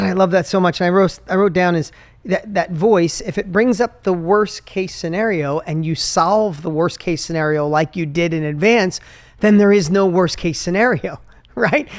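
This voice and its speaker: Encouraging male podcast host. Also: high-pitched. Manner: warm encouraging, laughs often. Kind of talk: casual interview chat.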